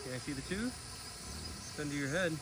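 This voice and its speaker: A man hosting a casual outdoor vlog at an animal sanctuary, chatty and relaxed as he explains what he is doing. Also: fairly high pitch, fairly quick, background noise. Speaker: sanctuary keeper and vlog host.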